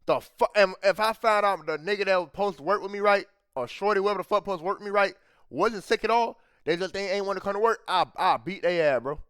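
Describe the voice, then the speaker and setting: High-voiced man ranting, saying bro constantly. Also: fast talker, fairly bright tone, clear, resonant tone, no room sound, clean studio sound. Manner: heated, profane, says "bro" after nearly every phrase; repeats phrases and restarts when worked up. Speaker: reaction video host. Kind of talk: casual reaction commentary.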